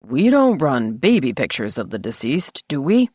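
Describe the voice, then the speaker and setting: A woman's voice: very deep voice, big pitch swings, normal speed, darkish tone, dry recording, heavily acted. A woman voicing a mild middle-aged male newspaper reporter who speaks in a dry, matter-of-fact way in an audiobook. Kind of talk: audiobook character voice.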